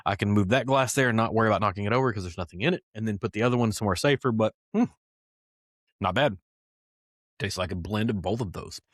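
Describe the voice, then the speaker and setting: A man's voice: on the low side, fast talker, dry recording, studio quality. A man hosting a casual whiskey podcast, talking loosely with plenty of fillers and asides. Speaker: podcast host.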